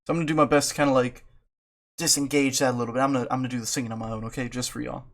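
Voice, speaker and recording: A man's voice: medium pitch, steady tone, racing. A man casually commenting while reading a visual novel aloud, playful and self-mocking. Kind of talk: casual let's-play commentary.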